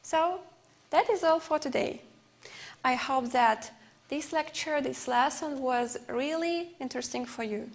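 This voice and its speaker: A woman with an Uzbek accent teaches English for a television class. Her voice sits high, and she works through each word at an unhurried, measured pace, explaining it patiently. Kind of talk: TV English lesson.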